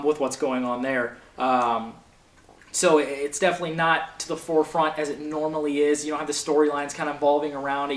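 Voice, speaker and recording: A man's voice: a little high, fairly bright tone. Ranting, profane young man in an echoey room. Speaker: wrestling show host. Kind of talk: heated casual commentary. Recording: echoey room, faint noise.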